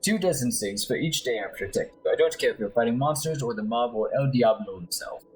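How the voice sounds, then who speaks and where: A man voicing a smooth-talking male mercenary bodyguard in a put-on Spanish accent, sly and persuasive, while playing a game. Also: medium pitch, lively intonation, brisk, soft background music, lightly acted, low-quality recording. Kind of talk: let's play voice acting.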